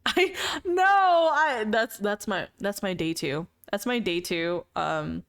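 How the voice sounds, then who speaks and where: A woman's voice: medium pitch, lively intonation, slow pace. A woman streamer in casual live-stream chat with viewers, playful and teasing, laughing often between remarks.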